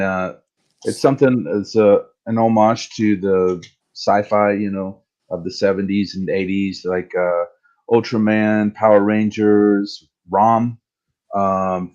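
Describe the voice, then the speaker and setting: Low flat guy pitching his comic, lots of uh's, muffled lo-fi mic. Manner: halting, many fillers, growing quieter. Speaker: guest comic creator. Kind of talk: casual pitch of his project.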